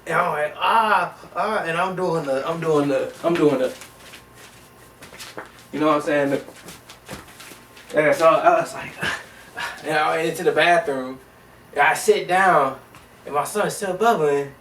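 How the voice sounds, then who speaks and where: Brief: young man, casual slangy storyteller, slightly high voice, roomy echo, a bit off mic. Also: moderate pace, long pauses, recorded from a distance, slight background noise. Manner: animated, slangy, rambling with many restarts. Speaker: vlogger.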